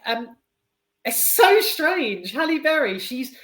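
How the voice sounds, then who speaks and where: A woman's voice: high-pitched, takes it slowly. A woman gives a rambling film review. She swears and often trips over her words. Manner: rambling and animated, sweary, many hesitations. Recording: roomy echo.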